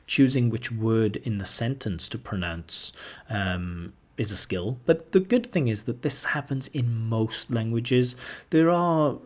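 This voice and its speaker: A man with a somewhat low, husky voice gives a patient, explanatory lesson as a language examiner. He reads example sentences aloud to show the points he is making. His tone stays calm and instructive throughout. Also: measured pace. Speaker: IELTS examiner teaching pronunciation.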